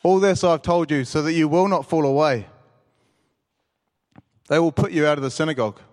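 A man reading a Bible passage aloud at a church service, measured and solemn. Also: a little high, a little mellow. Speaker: scripture reader. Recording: long church-hall reverb.

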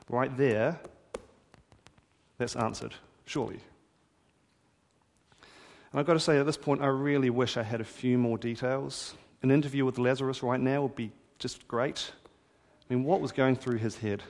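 A man's voice: mid-range voice, normal speed, vocal fry, darkish tone. Preacher man in a reverberant hall. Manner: conversational, wry storytelling. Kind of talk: sermon.

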